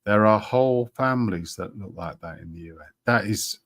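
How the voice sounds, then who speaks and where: A man's voice: on the low side, normal speed, a bit bright. A man hosting a live stream, chatting casually with many ums and restarts. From Britain. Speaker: livestream host.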